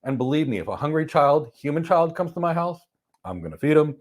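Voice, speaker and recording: A man giving a motivational talk on stress, telling stories with emphatic bursts that drop to soft, calm lines. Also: on the high side, a little fast. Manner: animated storyteller, swings from loud emphasis to soft calm. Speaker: host. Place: lives in Florida.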